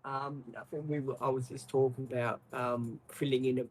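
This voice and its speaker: A man's voice: mid-range voice, level tone, normal speed, darkish tone, a little hiss or hum, poor audio. An Australian man hosting a livestream, chatting casually, apologetic and rambling with many ums. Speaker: livestream host. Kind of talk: casual live-stream chat.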